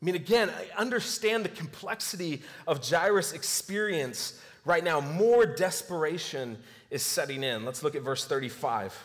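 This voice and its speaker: A man preaching a sermon, telling a story and voicing the quoted lines in a quieter tone. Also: a little high, lively intonation, moderate pace, few pauses. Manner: storytelling, acts out scripture quotes with softer voice. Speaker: pastor. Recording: long hall reverb.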